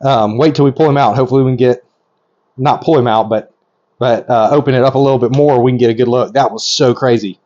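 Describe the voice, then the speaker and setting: Excitable middle-aged man, slightly muffled. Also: medium pitch, fast talker. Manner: excitable, gushing, rambling with many ums. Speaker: reptile breeder. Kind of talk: casual hands-on video narration.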